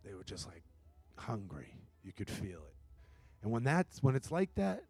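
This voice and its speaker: A man preaching a sermon and telling a story, his voice swinging between hushed moments and loud, emphatic bursts. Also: on the low side, huge pitch swings, normal speed, creaky, slightly rough, no echo. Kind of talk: sermon testimony.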